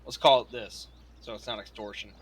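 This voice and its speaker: A man roleplaying in character, spinning a profane, animated story full of quoted dialogue. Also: on the low side, brisk, slight background noise.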